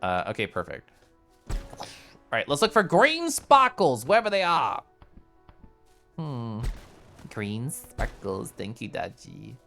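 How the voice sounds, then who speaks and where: Excitable streamer over game music. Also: medium pitch, takes it slowly, creaky, pauses often. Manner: chatty, excitable, reads chat aloud; swings from mumbled to loud bursts. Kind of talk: casual gameplay commentary.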